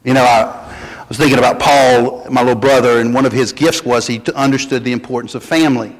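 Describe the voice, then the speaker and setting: A man preaching a sermon as pastor, folksy and animated, building to strong emphasis. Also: mid-range voice, quick pace, in a large hall.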